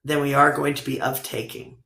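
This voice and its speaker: A woman's voice: rumbling low, level tone, a little fast, creaky, fairly bright tone. A woman hosting a casual livestream, rambling, laughing often and swearing casually. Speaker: livestream host. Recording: roomy echo.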